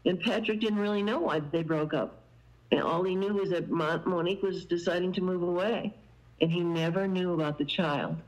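A woman's voice: on the low side, normal speed, rough recording. A woman guest telling a long story in casual conversation, meandering and sprinkling in fillers. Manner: meandering, many "you know" fillers.

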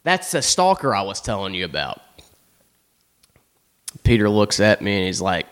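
Young host, swears a lot, animated rise-and-fall delivery, casual story monologue. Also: male voice, deep voice, moderate pace, pauses often. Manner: profane, exasperated, animated. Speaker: comedy show host.

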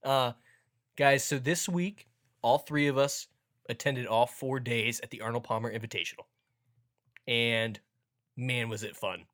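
A man's voice: medium pitch, steady tone, a little slow, long pauses, fairly bright tone. A young man hosting a casual sports podcast, joking around and playing up a mock ad read. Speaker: podcast host.

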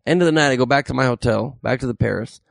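Male comedian recounting a story; gravelly, lively, dry studio sound. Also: mid-range voice, quick pace, no echo. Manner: animated, acts out quoted voices. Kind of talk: casual storytelling.

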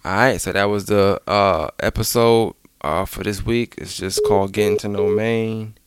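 A man's voice: on the low side, steady tone, normal speed, background noise. A man hosting a podcast, talking in a laid-back, casual way with loose slang. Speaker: podcast host. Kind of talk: casual chat.

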